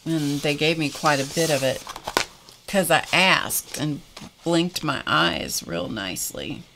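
Woman craft-stream host; unhurried, chatty, rambling delivery with restarts. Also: low-pitched, expressive, vocal fry, pushed and bright, slight background noise. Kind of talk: casual chat with live viewers.

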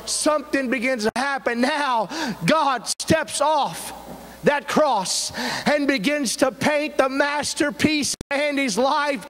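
A man preaching at a church revival, retelling a story dramatically and building to shouts. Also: extremely high pitch, slow, poor audio. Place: church sanctuary.

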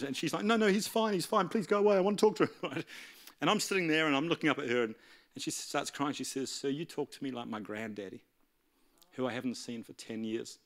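A man preaching in a church, telling a story animatedly and acting out the dialogue. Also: mid-range voice. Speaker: pastor. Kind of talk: storytelling sermon.

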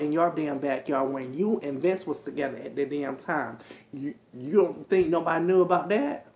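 A woman in her twenties rants through a TV recap, brash and profane, hammering her points again and again. Her voice sits low for a woman. The room around her is echoey. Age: 20s. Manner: brash, profane, animated ranting with repeated jabs. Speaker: reality show recap host. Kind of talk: ranting commentary on a TV episode.

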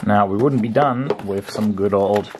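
Man, lowish voice, chatty home-craft tutorial narrator who says um a lot. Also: normal speed, background noise. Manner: relaxed and chatty, with frequent fillers. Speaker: crafting vlogger. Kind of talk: casual hobby tutorial narration.

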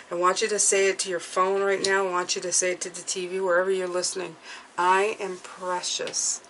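A woman giving a tarot reading to her viewers, speaking gently and reassuringly and often checking in with "okay?". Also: on the low side, slight background noise, poor audio. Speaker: tarot reader.

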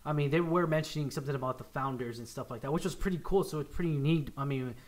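A man's voice: a little high, rapid-fire. A young man hosting a casual movie review chat, upbeat and rambling with many restarts. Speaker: podcast host.

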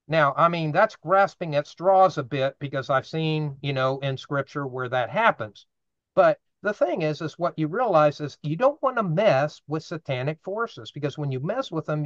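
A man leads a casual Bible study, explaining passages earnestly and tossing questions to the group. His voice sits a little high. The recording is dull and lo-fi, with a dry, close sound. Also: no echo. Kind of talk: informal Bible study teaching.

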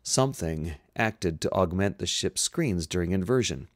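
A detached, logical male science officer explaining in careful, exact sentences, as a man reads him aloud. The voice is low and quieter than the narration. Dry and close, with no room sound. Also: lively intonation, no echo. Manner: measured, precise.

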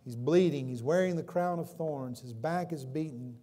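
A male pastor preaching a sermon in a church, swinging between loud emphatic calls and quieter explanation, with frequent questions to the congregation. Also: a little high, moderate pace. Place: church sanctuary. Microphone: livestream recording from the pulpit.

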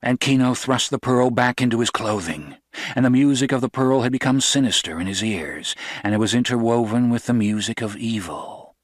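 A man narrating a novel as an audiobook, in a steady, even storytelling voice. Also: mid-range voice, moderate pace, no echo, clean studio sound.

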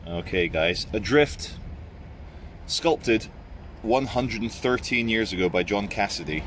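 A man filming a casual walking vlog on city streets outdoors at dawn with a handheld phone, telling stories in an animated, chatty way. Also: fairly low pitch, slow pace, a little hiss or hum. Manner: chatty, animated storytelling with quoted voices. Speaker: vlogger. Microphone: handheld phone camera.

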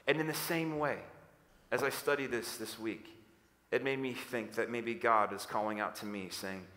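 Bright-voiced male pastor preaching. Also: mid-range voice, moderate pace. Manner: energetic preaching, call-and-response with the congregation. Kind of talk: sermon. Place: church hall. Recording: long church hall reverb.

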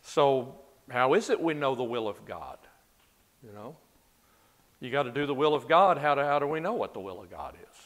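Leading a Bible class in a relaxed, conversational style, a man poses questions to those listening. His mid-range voice is fairly bright, with lively intonation and normal speed, and it echoes with the long reverb of a large room.

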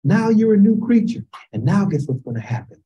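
A Chicago-accented woman teaches Bible study by video call, quizzing the class, drawing out her emphasis and sometimes raising her voice to a shout. She speaks in a mid-range voice with big pitch swings, captured in dull audio.

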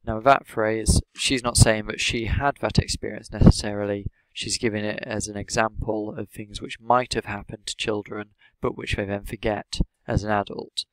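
A male English teacher talking through a lesson in a measured, steady, explanatory way. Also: fairly low pitch, no room sound, rough recording.

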